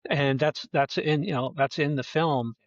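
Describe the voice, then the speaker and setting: A man talking as a guest in a casual conversation, halting and restarting often, heard on dull lo-fi audio. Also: on the high side, fairly even intonation, dry recording. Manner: halting, many restarts and fillers. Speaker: filmmaker guest.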